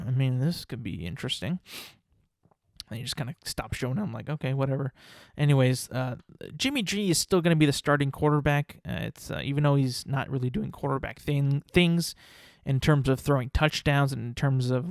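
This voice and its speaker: A young man hosting a podcast, talking through football results in a rambling, animated, self-mocking way. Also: medium pitch, a little fast, gravelly, dry recording, studio quality. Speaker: podcast host. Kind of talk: casual solo sports talk.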